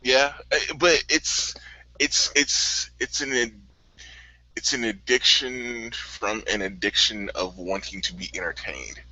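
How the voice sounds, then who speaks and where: A man's voice: medium pitch, takes it slowly, sharp tone, no room sound. An easygoing man from the American Midwest in casual chat, laughing often and repeating words as he starts a thought. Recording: dry, dull lo-fi audio.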